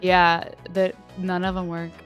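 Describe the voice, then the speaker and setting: A woman's voice: on the low side, monotone, unhurried, soft background music. Chatty young woman, laughs a lot. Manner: chatty, laughs often, many restarts. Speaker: guest streamer. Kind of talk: casual chat.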